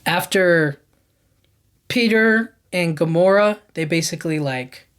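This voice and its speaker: A man's voice: on the high side, slow, fairly bright tone, clean tone. A man hosting a podcast, casually recapping a movie in a rambling, enthusiastic way, filling his talk with "like" and "you know what I mean". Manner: enthusiastic about scenes. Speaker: podcast host.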